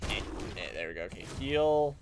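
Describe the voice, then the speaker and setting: Against a noisy background, a very animated man riffs a little quickly on the game he's streaming. His commentary is rambling and jokey, complete with silly high voices for the clone banter.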